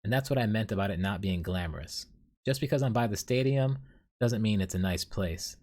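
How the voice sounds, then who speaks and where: A man with a lowish voice hosts a solo podcast. He recounts his dreams in a loose, rambling way, full of ums and likes, and often pokes fun at himself. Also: a little fast, darkish tone. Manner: rambling, self-deprecating, many fillers. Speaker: podcast host. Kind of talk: casual solo storytelling.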